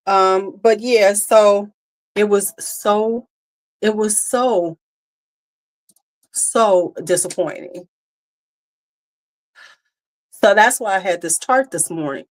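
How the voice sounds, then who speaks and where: A woman hosting a relaxed livestream who talks straight to her audience. Her speech is casual and animated, with frequent "right?" and "y'all". She sits at a middle pitch and her tone stays loose and conversational. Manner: chatty, animated, talks to viewers directly. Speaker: livestream host.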